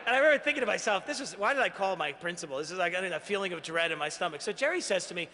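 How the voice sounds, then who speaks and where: A man from Queens, New York, accepts an award at a gala, his speech earnest and self-deprecating. His voice is high and animated, with a sharp tone, and he races along with few pauses. The recording carries the echo of the large banquet hall he's speaking in.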